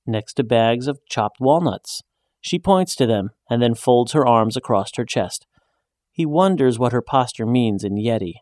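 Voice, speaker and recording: A man reading a short story aloud in a measured, even storytelling voice, raising his pitch when he speaks the woman's lines. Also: dry recording, clean studio sound. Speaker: narrator. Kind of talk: scripted story narration.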